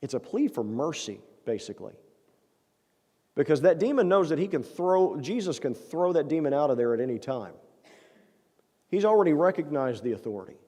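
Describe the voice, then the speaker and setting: A man preaches in a church sanctuary, his fairly high voice soft and mellow. He talks earnestly and conversationally, tossing rhetorical questions to the congregation, and his words trail off into a long church-hall reverb. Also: sing-song, fairly quick. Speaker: pastor. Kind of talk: sermon.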